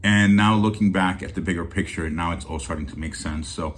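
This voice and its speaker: Deep-voiced man, teary vlog chat. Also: fairly quick. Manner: heartfelt and rambling, with many restarts. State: teary-eyed. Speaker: deal-hunting channel host.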